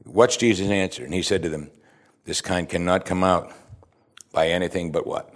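Guy with a lowish voice preaching, reads scripture then chats about it, keeps asking the room questions. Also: steady tone, moderate pace. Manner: conversational, asks the listeners rhetorical questions; reads scripture aloud and stops to comment. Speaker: pastor. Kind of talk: sermon.

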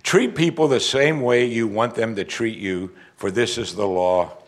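A man preaching a sermon, animated and conversational, acting out quoted voices and jokes for the congregation. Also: lowish voice, measured pace. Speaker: pastor.

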